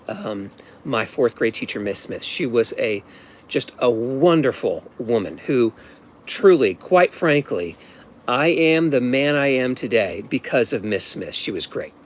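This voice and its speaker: Man in his fifties, mid pitch, casual rambling storyteller, restarts and asides. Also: lively intonation, slow, slight background noise. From Ohio, USA. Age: 50s.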